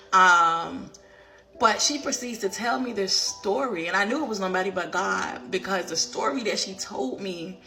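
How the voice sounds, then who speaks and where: Woman life coach with a bright, forceful voice, telling a personal story animatedly, close to tears. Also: medium pitch, creaky. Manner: emotional, near tears. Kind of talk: personal faith testimony.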